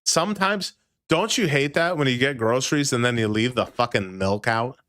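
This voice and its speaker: A man in his thirties hosting a livestream, talking at a middle pitch in a loose, rambling way and swearing freely. His voice is close and dry, with no room sound around it. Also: moderate pace, a bit bright, no echo. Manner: profane, rambling, swears often and laughs. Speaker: livestream host. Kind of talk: casual livestream chat.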